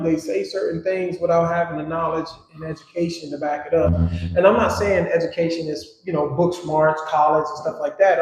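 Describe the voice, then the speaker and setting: A man chatting casually on a live stream, his thoughts coming out in loose runs padded with "you know" and "um". His voice sits a bit high for a man. The room is hard and very echoey, so every word rings back. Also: darkish tone. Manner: rambling, many fillers and "you know"s. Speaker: guest on a live talk stream. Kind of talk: casual chat.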